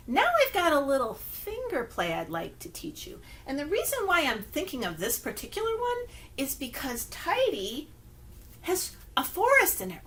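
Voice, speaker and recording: A woman's voice: high-pitched, a bit bright. A woman, a children's librarian leading story time from home, talking to young children in a sing-song way. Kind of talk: children's story time with rhymes and finger plays.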